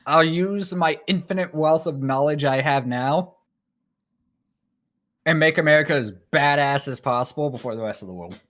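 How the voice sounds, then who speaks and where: A man's voice: fairly high pitch, moderate pace, fairly bright tone. A man chatting casually as a guest on a stream, laid-back and rambling, swearing and laughing often. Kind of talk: casual chat.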